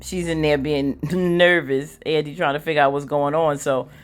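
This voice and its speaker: A woman's voice: sits low, steady tone, normal speed, clean tone. A woman giving a casual, opinionated recap of a TV drama, chatting freely and acting out bits of scenes as she goes.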